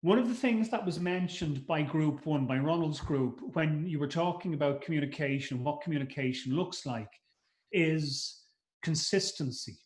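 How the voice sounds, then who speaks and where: A middle-aged male trainer with a fairly high voice, speaking conversationally to a conference audience. He repeats words as he thinks aloud and acts out short quotes. The room has a clear echo around him. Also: normal speed, darkish tone. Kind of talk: live masterclass talk. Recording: roomy echo.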